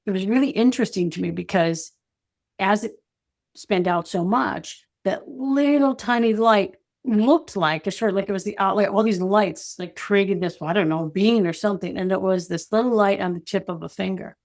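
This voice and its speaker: A woman speaking as an interview guest, telling a personal story in a reflective, halting way with many "you know" and "like" fillers. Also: mid-range voice, a little mellow. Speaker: intuitive guide and energy advisor, guest.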